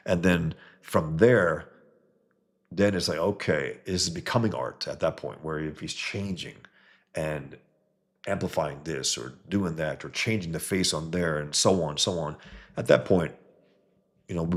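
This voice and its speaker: Brief: male host, low and husky, blunt profane opinion talk with viewers. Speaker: show host reading viewer comments. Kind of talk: casual opinionated commentary.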